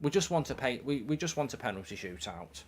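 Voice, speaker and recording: A man's voice: medium pitch, very animated, brisk, a little hiss or hum. A man hosting a football watchalong, rambling and joking while reading out viewer comments. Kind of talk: casual livestream chat, reading comments.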